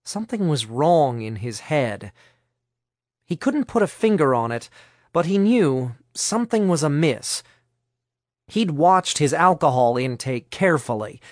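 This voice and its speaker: A man reading a novel aloud as narrator in an even, brisk storytelling manner. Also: a little high, dry recording, clean studio sound. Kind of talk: audiobook narration.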